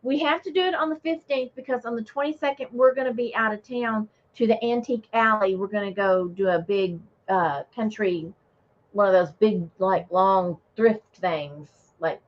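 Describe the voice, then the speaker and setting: A woman's voice: mid-range voice, normal speed. A woman chatting and teasing on a casual live stream, sometimes tripping over her words. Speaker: co-host of a vintage-selling chat stream. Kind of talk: casual chat. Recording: muffled lo-fi stream audio.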